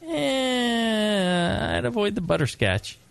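A middle-aged American man co-hosting a casual brewing talk show, joking and lively, sometimes putting on gruff voices. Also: high voice, slow pace, no echo. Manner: animated, joking, mock-gruff put-on voices. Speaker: podcast co-host, brewing expert. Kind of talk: casual chat.

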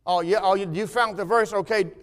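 A man preaches in a church sanctuary. He talks his congregation through scripture in a high voice, then rises into loud, fervent exhortation. Long reverb trails after his words. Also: fairly even intonation, brisk. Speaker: pastor. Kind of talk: sermon.

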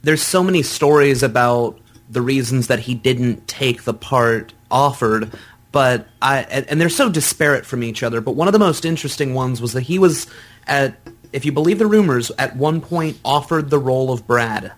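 A man's voice: medium pitch, moderate pace. A man in casual conversation, thoughtfully explaining film history and rumors.

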